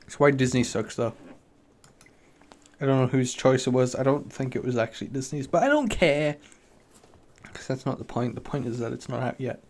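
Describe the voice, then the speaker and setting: Young British man, solo podcast host, rambling, sweary, self-deprecating, mid-pitched voice. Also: level tone, fairly quick, darkish tone. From Britain. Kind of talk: solo casual podcast rant.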